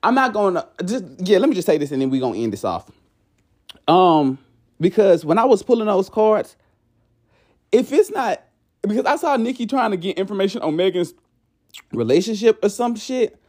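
A podcast host chatting casually at home late at night, gossiping and reading cards in an animated, profane way with frequent laughter. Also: medium pitch, normal speed, pauses often.

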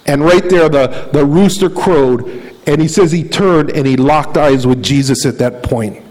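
A man's voice: on the high side, a little slow, a little mellow, rough recording. Preaching man retelling a story. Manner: dramatic retelling with quoted voices; asks the congregation questions. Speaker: pastor.

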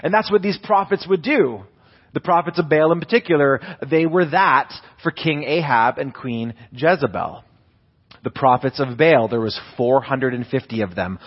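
A man's voice: mid-range voice, unhurried, dull audio. A young man, a pastor, preaching a sermon in a conversational storytelling way, with many restarts.

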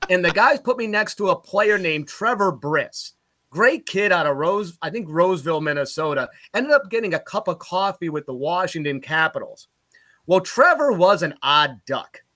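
This middle-aged man calls play-by-play and hails from Utica, New York. Chatting casually on a podcast, he tells stories from the road at a normal speed in a voice that sits high, turning lively and loud at the punchlines.

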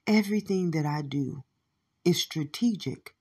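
A woman delivering a profane, repetitive monologue, shouting at times and muttering low at others. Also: lively intonation, unhurried, slightly rough. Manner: swears constantly, repeats phrases, swings from shouting to low mutters.

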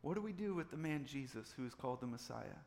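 A man's voice: medium pitch, expressive, fast, creaky, a little mellow, long reverb tail. A man preaching a sermon, repeating phrases and building up in intensity. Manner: preaching with swelling intensity and repetition. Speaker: pastor.

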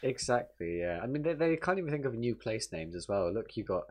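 A man's voice: mid-range voice, very animated, fairly quick, a little mellow. A young man in casual chat, teasing and laughing a lot. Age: young adult.

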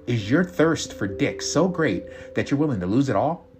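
A man's voice: medium pitch, moderate pace, a bit bright, close to an everyday voice. A man reading a story voices a troubled, guilt-ridden woman, talking in a pleading, agitated way. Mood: self-scolding. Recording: guitar music behind.

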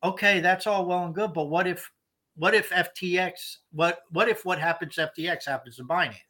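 Male podcast co-host, fairly high, bright tense voice, emphatic explainer. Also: brisk. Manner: explanatory, emphatic, repeats words when starting over. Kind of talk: casual podcast discussion.

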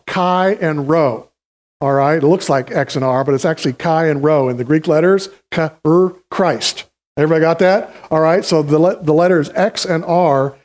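Male pastor, slightly high voice, relaxed teaching tone, directs volunteers on stage. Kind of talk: sermon. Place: church stage.

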